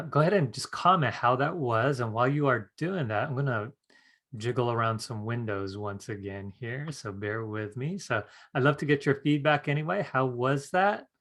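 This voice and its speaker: Man, live-stream teacher, relaxed, conversational, mid-range pitch. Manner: relaxed and chatty, reads viewer comments aloud; soothing guided-meditation tone. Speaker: psychic teacher hosting a live online challenge.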